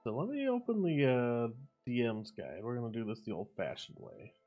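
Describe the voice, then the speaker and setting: A man's voice: medium pitch, wildly swooping pitch, normal speed, dull audio, soft background music. A man working as dungeon master, explaining rules and narrating the scene. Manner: explains rules and narrates the scene, gets the others back on track. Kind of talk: running a tabletop game.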